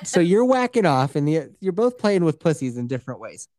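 Animated, profane male podcast host. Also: on the high side, a little fast, dry recording, studio quality. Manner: animated, profane, slips into voices. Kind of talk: casual movie recap chat.

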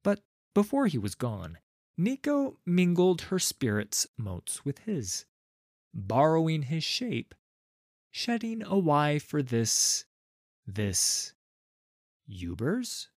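A man reading a fantasy story aloud as narrator, in a lively, unhurried way. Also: a little high, dry recording, clean studio sound.

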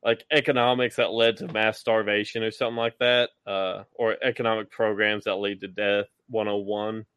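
A man's voice: lowish voice, level tone, moderate pace, few pauses, a bit bright, clear, resonant tone, no room sound. A man co-hosting a casual podcast chat, talking in a sarcastic, mocking way. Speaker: podcast co-host.

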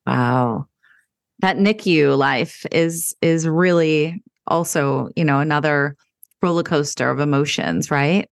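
A woman's voice: low voice, slow pace, gravelly, no room sound, clean studio sound. A woman hosting an interview, responding supportively and asking follow-up questions. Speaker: podcast host. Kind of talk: interview conversation.

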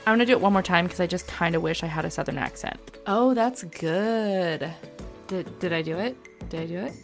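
A woman's voice: lowish voice, a bit bright. A woman hosting a podcast, talking earnestly in casual conversation and reading a sponsor spot. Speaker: podcast host.

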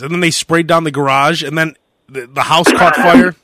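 A young man hosting a casual podcast, telling a story in a lively way and acting out the shouting of the people in it. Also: fairly high pitch, moderate pace, no room sound, clean studio sound. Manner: animated storyteller who acts out shouted quotes. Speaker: podcast host.

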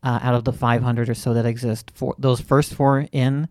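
Dude from florida hosting a comedy podcast, wry and rambly, dry close sound. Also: male voice, medium pitch, flat delivery, moderate pace, darkish tone, dry recording. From Central Florida. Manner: chatty, wry, frequent fillers and restarts. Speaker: podcast host. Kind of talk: casual comedic chat.

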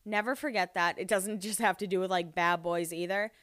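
On her podcast, a young woman giggles her way through a casual reality show recap, sprinkling in plenty of "like" fillers. She speaks briskly in a fairly low, fairly bright voice with fairly even intonation, and the studio recording is clean with no echo.

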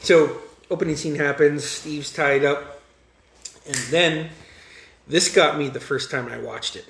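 A man chatting casually about a movie, animated and swearing freely, acting out lines as he retells scenes. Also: a little high, measured pace, vocal fry, reverberant, a little hiss or hum. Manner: animated, profane, acts out quotes. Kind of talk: casual chat recounting a movie.

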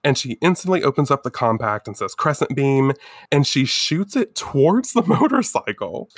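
A man's voice: mid-range voice, big pitch swings, moderate pace, dry recording, clean studio sound. A male podcast host in a casual comic recap chat, telling the story theatrically with lots of giggling and swearing.

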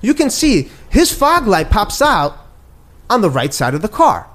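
A man's voice: sits high, huge pitch swings, measured pace, a bit bright. An older man telling a heated story in casual conversation, swearing, repeating himself and acting out what others said. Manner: agitated, swearing, repeats himself, acts out quotes. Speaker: guest telling his story.

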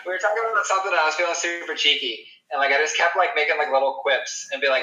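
A man's voice: fairly high pitch, racing, few pauses, bright, forceful tone, reverberant, poor audio. A man co-hosting a casual running podcast over a video call, joking loosely and swearing. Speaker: podcast co-host. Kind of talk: casual chat.

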